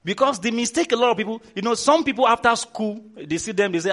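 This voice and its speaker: A man with a Nigerian accent preaching as a pastor, telling stories with lots of energy and loud repeated calls. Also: sits high, fast talker. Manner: animated storytelling, shouting repeated commands. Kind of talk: sermon.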